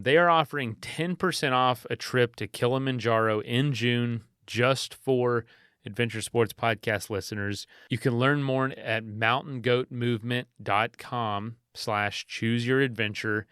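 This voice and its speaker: A man in his thirties hosting a podcast, telling stories in a relaxed, rambling way with frequent restarts. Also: medium pitch, smooth, no echo, studio quality. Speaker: podcast host. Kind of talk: casual storytelling monologue.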